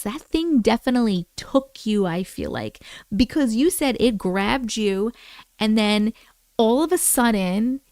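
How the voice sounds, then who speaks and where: A woman hosts a live stream, reading viewers' stories aloud and reacting with animated exclamations and swearing. Her voice is on the high side, and there's no room sound in the recording.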